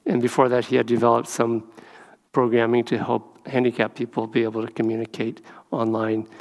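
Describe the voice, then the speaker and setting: A man giving a gentle, rambling spiritual talk as a monastic speaker, telling stories with many fillers. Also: mid-range voice, little pitch movement, fairly quick, gravelly, long reverb tail. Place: temple hall.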